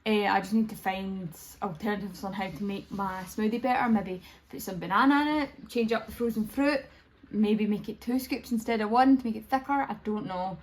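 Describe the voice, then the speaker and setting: A woman's voice: medium pitch, a little fast. A young woman chatting casually in a vlog, rambling along with frequent restarts. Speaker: vlogger.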